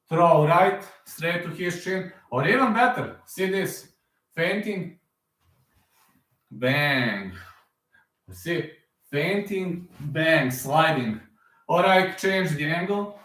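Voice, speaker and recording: A man hosting an MMA news reaction, talking casually and excitedly, repeating himself as he acts out fight moves. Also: on the high side, slow pace, pauses often, reverberant.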